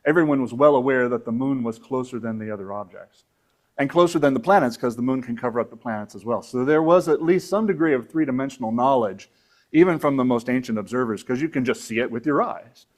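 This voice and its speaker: A man's voice: mid-range voice, quick pace. A man teaching astronomy to a club audience in a conversational, rambling way with fillers and asides. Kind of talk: lecture to an audience. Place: meeting room with audience.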